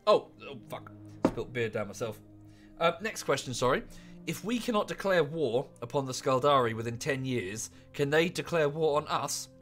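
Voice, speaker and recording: Male streamer, casual and rambling desk-mic commentary, mid pitch, soft music bed. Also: expressive, moderate pace. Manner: chatty and rambling, with offhand asides. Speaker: game streamer.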